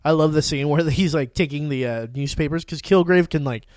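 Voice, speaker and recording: A man hosting a casual podcast chat about TV shows, excited and swearing freely, laughing often. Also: on the high side, brisk, no echo, studio quality. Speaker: podcast host.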